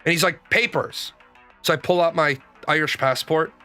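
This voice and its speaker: A man's voice: on the high side, steady tone, fairly quick, bright, forceful tone, clear, resonant tone, faint music behind. A man in a casual monologue, telling stories in a blunt, rambling way with frequent swearing. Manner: blunt, profane, rambling storytelling. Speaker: show host.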